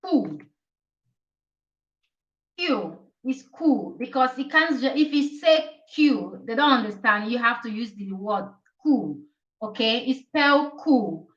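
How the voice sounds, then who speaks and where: On a relaxed live stream, an Italian teacher with a slightly high voice goes through the alphabet in a chatty way, saying each letter more than once and asking "okay?" again and again. She speaks unhurriedly. She sits far from the mic, so her voice comes across set back, dull and muffled.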